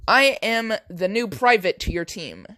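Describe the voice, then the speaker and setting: A man's voice: high-pitched, very animated, a little slow, pushed and bright, no room sound, full character voice. A young man voicing an eager young female army private, bubbly and stammering.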